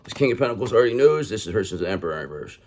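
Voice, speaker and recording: A man with a lowish voice reads tarot in a tough, street-smart manner. He swears freely and talks to the viewer as if advising a friend. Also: expressive, very fast, a little mellow, a little hiss or hum. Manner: blunt, streetwise and profane, addresses the listener directly. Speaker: tarot reader. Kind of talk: online tarot reading.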